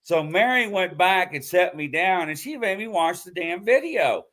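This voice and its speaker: A man hosting a live show in casual chat, telling a story with loud acted-out quotes. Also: high voice, moderate pace. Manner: animated storytelling, acts out quotes loudly. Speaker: host.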